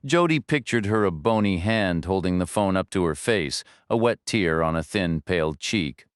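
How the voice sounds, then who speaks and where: A man narrating a thriller audiobook in measured, steady storytelling, recorded on a studio microphone. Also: deep voice, smooth, no echo. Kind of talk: scripted narration.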